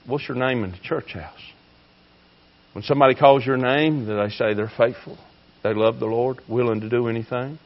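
A man preaching a fiery sermon, swinging between shouting and hushed tones. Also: medium pitch, steady tone, normal speed, muffled recording. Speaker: pastor.

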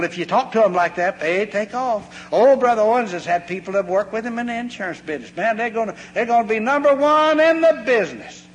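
A man preaching a folksy sermon, telling homespun stories and acting out the voices in them. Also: a little high. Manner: homespun, animated, acts out voices in anecdotes. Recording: long hall reverb, faint hum.

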